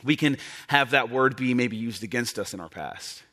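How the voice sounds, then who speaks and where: A male pastor preaching in a loose, conversational way, telling a personal story with lots of fillers. His voice is bright and forceful, pitched at an ordinary male level. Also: normal speed. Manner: conversational and animated, with many fillers.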